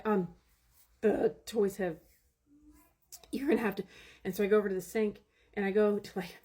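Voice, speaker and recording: Fast-talking, husky woman venting. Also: mid-range voice, level tone, mellow. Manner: rambling and exasperated, with many restarts. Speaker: vlogger. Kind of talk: casual storytelling vlog.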